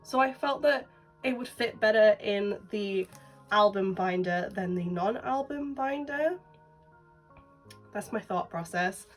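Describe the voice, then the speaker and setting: Nasal woman with a cold. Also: slow. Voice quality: nasal, deeper than usual. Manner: chatty, rambling, lots of "like". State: has a cold, blocked nose. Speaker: collecting vlogger. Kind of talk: casual vlog narration. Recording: distant mic with faint background music.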